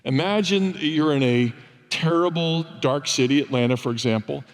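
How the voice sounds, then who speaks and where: A man's voice: a little high, moderate pace. An older man preaching a sermon, telling stories in a conversational, wry, self-deprecating way. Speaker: pastor. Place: church sanctuary. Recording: long church reverb.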